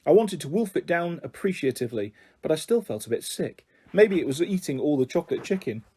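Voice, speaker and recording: A man calmly reading a children's novel aloud as a storyteller. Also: on the high side, brisk, breathy edge.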